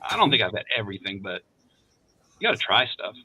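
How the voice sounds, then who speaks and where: A man's voice: lowish voice, very animated, fast, sharp tone. A middle-aged man from Northeast Iowa, chatting and joking casually. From Northeast Iowa, USA. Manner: joking, chatty, laughs often. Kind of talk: casual chat on a group video stream. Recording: dull lo-fi stream audio with faint noise.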